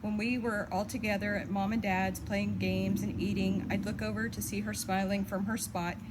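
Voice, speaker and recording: A woman's voice: medium pitch, moderate pace, very noisy. Woman reading a heartfelt eulogy. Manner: steady, heartfelt, fondly reminiscing. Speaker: daughter giving a eulogy. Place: memorial service.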